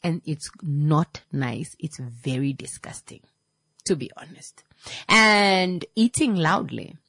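A woman's voice: sits low, lively intonation, slow pace, a bit bright, breathy edge, no echo, studio quality. A young woman vlogger giving a blunt, exasperated monologue about bad manners, firing off rhetorical questions. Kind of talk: casual opinion monologue.

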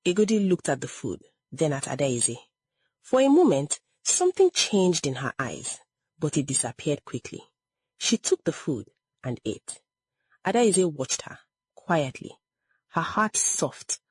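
Slow, husky woman telling a story. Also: low voice, darkish tone, no room sound. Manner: measured, emotive storytelling. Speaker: narrator. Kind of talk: scripted story narration.

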